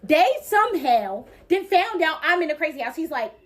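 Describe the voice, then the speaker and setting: A woman telling a personal storytime in a casual, low-key confessional way. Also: very animated, normal speed.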